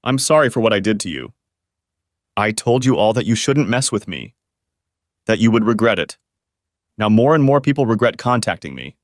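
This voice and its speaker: A man voicing a big prison inmate who apologizes slowly and quietly. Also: on the low side, big pitch swings, no echo, studio quality. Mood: apologetic.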